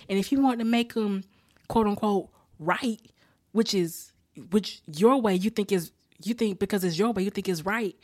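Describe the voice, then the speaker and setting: A woman's voice: medium pitch, darkish tone, no room sound, studio quality. A woman recapping a TV episode in a casual, heated rant full of profanity. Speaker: TV episode reviewer.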